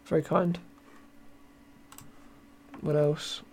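Young british guy, podcast host, rambling, tired and worn voice, a touch high-pitched. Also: flat delivery, very slow, a little hiss or hum. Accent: British English. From Britain. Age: young adult. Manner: rambling, self-mocking, reads chat aloud. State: tired, voice wearing thin. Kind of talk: casual live podcast chat.

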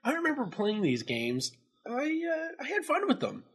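A man co-hosting a casual game-review chat who laughs often and gets excited easily. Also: extremely high pitch, husky. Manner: giggly, excitable, quick to laugh. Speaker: co-host.

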